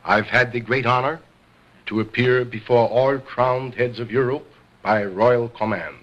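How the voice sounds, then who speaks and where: A man's voice: mid-range voice, fairly even intonation, measured pace, fairly bright tone, muffled recording. A man performing as a ventriloquist on stage, speaking as a grand, formal showman. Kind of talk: stage comedy act.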